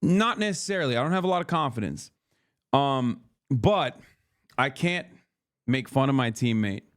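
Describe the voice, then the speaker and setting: A man's voice: medium pitch, lively intonation, moderate pace, no room sound, clean studio sound. A man streaming, giving casual, profane reaction commentary and mimicking friends.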